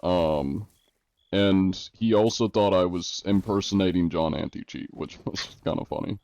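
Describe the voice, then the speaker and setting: A man's voice: sits low, unhurried, darkish tone, no room sound, highs cut off. A man streaming live, chatting casually with his viewers and answering them with dry jokes. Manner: dry, joking, answers chat. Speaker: game streamer.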